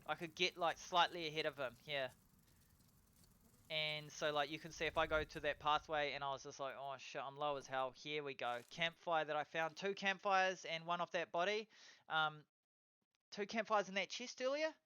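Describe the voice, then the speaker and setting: A man narrating his own gameplay in a casual voiceover, excitable and swearing, breaking into loud cheers over kills. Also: fairly high pitch, normal speed, smooth. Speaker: gameplay commentator.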